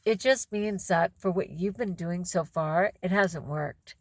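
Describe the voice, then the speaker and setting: A woman's voice: on the low side, a little slow, dry recording. Effusive chatty woman vlogger. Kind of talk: casual chat to camera.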